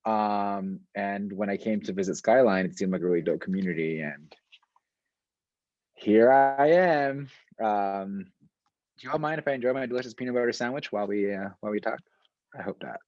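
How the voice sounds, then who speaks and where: Relaxed, slangy man with a low voice. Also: moderate pace, dry recording. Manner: relaxed and slangy, many fillers. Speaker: school administrator. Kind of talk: casual interview answers. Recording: dull, lo-fi and dry.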